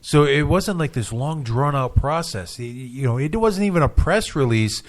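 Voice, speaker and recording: Rambling, self-deprecating radio co-host. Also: male voice, mid-range voice, expressive, normal speed. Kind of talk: casual radio chat. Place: radio studio.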